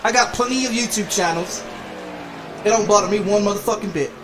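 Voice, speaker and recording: A man's voice: sits high, brisk, background noise. A man streaming games, delivering an angry, profane rant full of repeated insults and threats. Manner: heated, repetitive cursing, threatening. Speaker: game streamer.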